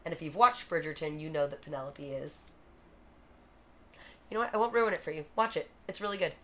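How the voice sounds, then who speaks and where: A woman live-streaming, chatting quickly and casually between songs, thanking viewers and joking about herself. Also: deep voice, sharp tone. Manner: quick, chatty, self-deprecating. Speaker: streamer singing covers. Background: guitar.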